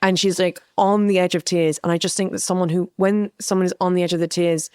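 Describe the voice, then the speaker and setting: A woman's voice: lowish voice, a little fast, clean tone, no room sound, studio quality. A woman co-hosting a podcast, recapping a TV episode in candid, casual chat and swearing freely. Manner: candid, sweary, animated retelling of scenes. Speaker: podcast co-host.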